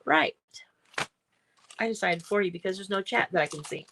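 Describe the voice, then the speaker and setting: A woman chatting casually as she shows her craft books on a livestream, rambling and often clearing her throat. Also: medium pitch, moderate pace, background noise. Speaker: artist hosting a livestream. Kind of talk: casual craft show-and-tell.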